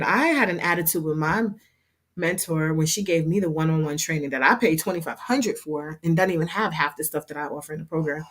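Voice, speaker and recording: Chatty woman, lower voice. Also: brisk. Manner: chatty, heartfelt, expressive. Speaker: host and hair program instructor. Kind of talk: casual livestream talk.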